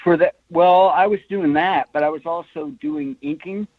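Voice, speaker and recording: A man in his sixties tells stories about his comics career in a rambling, animated way. His voice sits a bit high. The audio is dull and lo-fi, with no room sound. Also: normal speed. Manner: rambling, animated, laughs often. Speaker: guest comic artist. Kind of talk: casual interview storytelling. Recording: lo-fi, dry remote audio.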